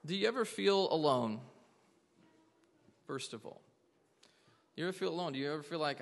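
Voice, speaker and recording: A man's voice: a little high, lively intonation, normal speed, creaky, long pauses, in a large hall. A man preaching a sermon to a congregation, earnestly asking them question after question. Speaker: pastor.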